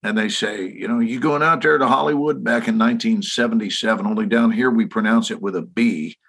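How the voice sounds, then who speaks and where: A man's voice: on the low side, a little fast, gravelly, fairly bright tone. A man in his sixties with a Texan accent, a podcast guest telling stories emphatically and asking listeners rhetorical questions. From Texas. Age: 60s. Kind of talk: podcast conversation.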